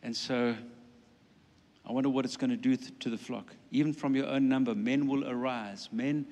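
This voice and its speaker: A man preaching a sermon in an animated way, with playful asides and acted-out quotes. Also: mid-range voice, moderate pace. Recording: long hall reverb.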